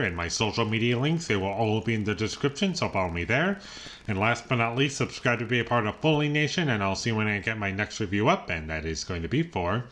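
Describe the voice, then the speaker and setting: A man's voice: on the low side, pushed and bright. A man giving a casual solo movie review, loose and chatty with lots of filler words and frequent chuckles. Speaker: film reviewer.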